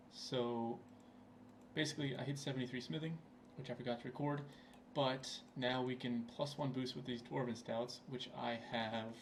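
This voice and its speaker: A young man hosting a gaming channel gives laid-back, rambling commentary over his gameplay at his computer, filling it with fillers. His voice is mid-range with vocal fry, and there's a little hiss or hum in the recording.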